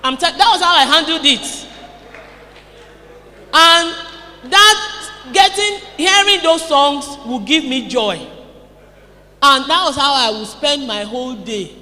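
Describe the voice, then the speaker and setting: A Nigerian woman giving a lively motivational conference talk, calling out to her audience. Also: high-pitched, normal speed. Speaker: seminar speaker. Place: conference hall. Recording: echoey hall.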